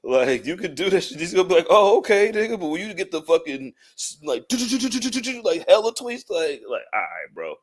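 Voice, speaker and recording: A man with a slightly high voice that swings widely up and down. He talks in a loose, profane, joking way, laughing often as he chats on a podcast. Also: expressive, brisk, hardly any pauses. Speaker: podcast co-host. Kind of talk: casual chat.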